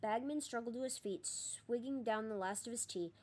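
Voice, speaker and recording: A woman narrating an audiobook in a steady storytelling manner. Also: on the high side, moderate pace. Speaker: audiobook reader.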